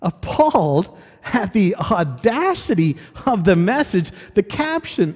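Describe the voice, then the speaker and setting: High-voiced preacher in a reverberant hall. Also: male voice, big pitch swings, a little slow. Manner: conversational, asking the audience questions. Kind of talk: sermon.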